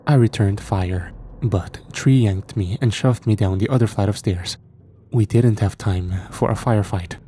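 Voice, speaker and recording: Guy reading a creepy horror story, low mellow voice, faint hiss behind. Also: normal speed. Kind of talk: scripted first-person horror narration.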